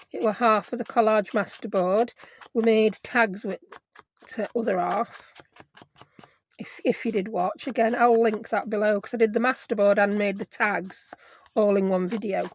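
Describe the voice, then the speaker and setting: A woman's voice: on the high side, moderate pace. Chatty woman, craft tutorial. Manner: chatty, self-deprecating, thinking aloud while working. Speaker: craft video host.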